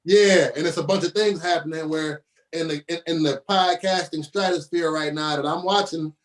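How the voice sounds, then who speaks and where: A man's voice: on the high side, steady tone, normal speed. A man talking as a podcast guest in casual chat, emphatic and slangy, repeating his phrases for weight.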